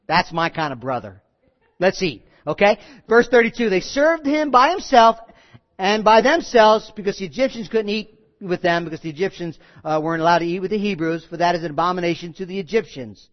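High-voiced man preaching conversationally. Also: normal speed, highs cut off. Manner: conversational, animated preaching with asides and laughs. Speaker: pastor. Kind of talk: sermon.

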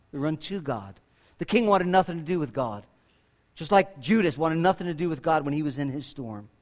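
A man's voice: high voice, a bit bright. A man preaching a sermon, repeating himself and restarting phrases, lifting his voice when he quotes scripture. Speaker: pastor.

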